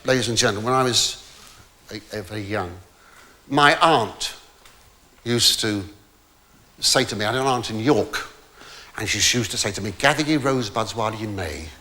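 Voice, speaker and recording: A man's voice: lowish voice, moderate pace, pauses often, bright, forceful tone. An older man telling a rambling comic story on stage in a debating hall, stammering with false starts and theatrical asides. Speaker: stand-up comedian.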